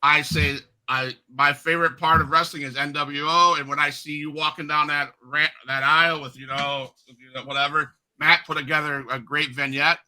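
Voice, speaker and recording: A man in his fifties hosting an interview, telling stories in a chatty, animated way. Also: a little high, moderate pace, few pauses, rough recording. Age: 50s. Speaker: podcast host. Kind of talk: casual interview storytelling.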